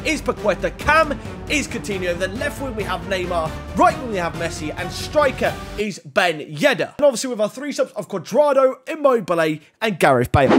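A young man giving excitable commentary on his own football video game match, shouting at big plays. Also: high voice. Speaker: gaming YouTuber. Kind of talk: gameplay commentary.

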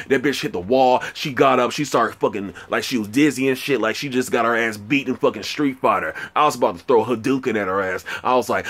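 A young man telling a loud, profane, boastful comedy rant. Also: mid-range voice, brisk, hardly any pauses. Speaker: comedy vlogger.

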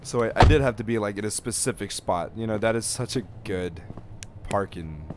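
A man's voice: fairly low pitch, a little fast, very noisy. A young man chatting and joking through a horror game for his viewers, swearing now and then. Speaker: gaming youtuber. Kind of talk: let's play commentary.

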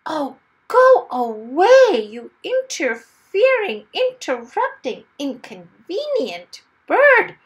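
A woman's voice: on the high side, measured pace, vocal fry, pitched above the performer's own voice, exaggerated voice. Woman doing a blustering fussy little man. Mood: irritated. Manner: excited exclamations, sputtering.

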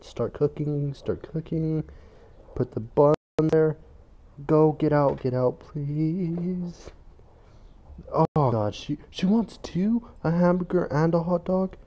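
This gaming YouTuber, a young man, talks through his play casually from home on a phone, complaining, cursing, and turning frantic as things get hectic. His medium-pitched voice is mellow, though the recording loses its highs.

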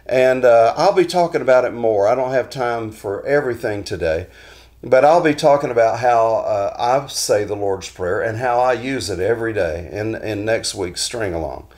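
A man hosting a weekly devotional talk, telling stories in a folksy, unhurried way full of restarts. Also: medium pitch, a little mellow. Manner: folksy storytelling with frequent restarts.

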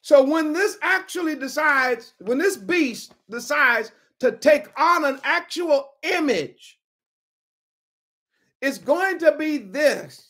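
Slow, emphatic woman Bible teacher. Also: high-pitched, animated, a bit bright. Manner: emphatic, repeats key words, talks to listeners by name. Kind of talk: informal sermon-style Bible teaching.

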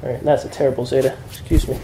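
A young man casually teaching letters to a small group, relaxed and chatty. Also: medium pitch, very fast, background noise. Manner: relaxed, chatty, with fillers and laughs.

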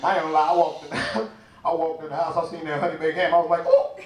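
A man performing stand-up comedy at a church event, telling his jokes in an animated, playful way. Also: a little high, rapid-fire, noisy background. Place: church event stage before a live audience. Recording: roomy, distant sound with audience laughter.

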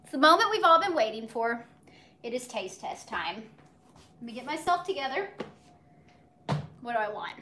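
Bubbly high-voiced woman chatting. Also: big pitch swings, normal speed, pauses often, noisy background. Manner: bubbly, chatty, talks to viewers and her dog. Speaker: cooking livestream host. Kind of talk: casual live cooking chat. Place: home kitchen. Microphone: phone on a tripod.

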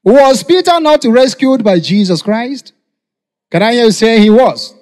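A man with a Nigerian accent preaching a sermon to a congregation, calling for responses and shouting. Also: very high voice, expressive, a little slow. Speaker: pastor. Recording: long hall reverb.

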